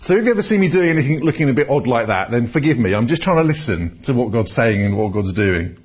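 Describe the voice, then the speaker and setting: A man's voice: medium pitch, big pitch swings, fast. Man, preacher, chatty sermon with personal stories, dull recording. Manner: conversational, storytelling, repeats words when restarting.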